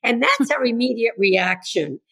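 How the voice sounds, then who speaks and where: A woman's voice: on the high side, animated, unhurried, gravelly, fairly bright tone. An older woman, a grandmother and educator, speaking earnestly as an interview guest and acting out what kids and parents say. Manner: earnest, acts out quoted voices. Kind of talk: conversational interview.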